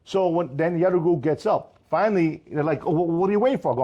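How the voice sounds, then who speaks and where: A man who owns a restaurant, telling a story in casual chat with animated, profane, fiery energy. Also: a little high, quick pace, dull audio. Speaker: restaurant owner.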